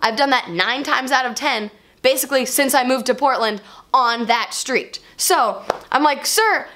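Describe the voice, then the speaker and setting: A woman vlogger telling a personal story to camera in an animated, expressive way. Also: high-pitched, normal speed.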